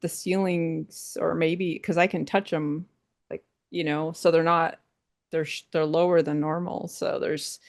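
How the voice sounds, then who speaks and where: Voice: mid-range voice, little pitch movement, unhurried. A podcast host chatting casually, with a loose manner full of "like" and "you know.". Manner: chatty, uses "like" often. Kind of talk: casual chat.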